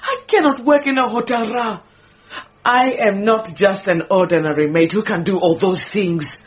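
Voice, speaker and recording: An actress playing an indignant, possessive housemaid who complains dramatically, in a radio drama. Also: female voice, mid-range voice, moderate pace, muffled recording, lightly acted. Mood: wailing. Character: indignant, possessive housemaid, middle-aged woman.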